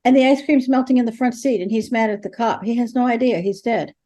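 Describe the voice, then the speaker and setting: Her voice is a little high and mellow, steady in tone, and she talks fast. As an older interview guest who works as a ghost helper, she tells animated stories and performs the dialogue herself.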